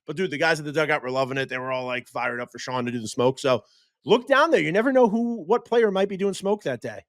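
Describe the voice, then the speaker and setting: A man co-hosting a casual podcast chat, telling lively anecdotes and laughing as he talks. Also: a little high, fast, no echo, clean studio sound. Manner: animated storyteller who laughs mid-sentence. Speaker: podcast co-host.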